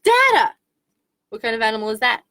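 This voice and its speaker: A woman's voice: mid-range voice, expressive, moderate pace, a bit bright. A woman as a children's librarian, reading picture books aloud in a playful way, making animal sounds.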